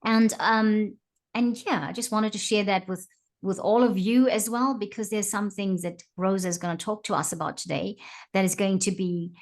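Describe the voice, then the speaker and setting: Chatty South African woman host. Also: medium pitch. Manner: chatty, laughs often, with hesitant restarts. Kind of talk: casual conversational interview.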